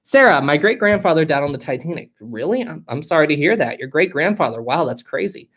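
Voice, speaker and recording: Man, West Virginian accent, live-stream host, casual chat, reads out viewer questions, animated pitch. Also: fairly quick, husky. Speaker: history channel host.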